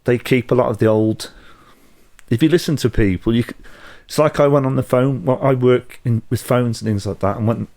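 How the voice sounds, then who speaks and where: A middle-aged man with a Telford accent, a podcast guest telling anecdotes in a measured, slightly hesitant way. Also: mid-range voice, a little mellow. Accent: Telford English. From Telford, England. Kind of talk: conversational storytelling.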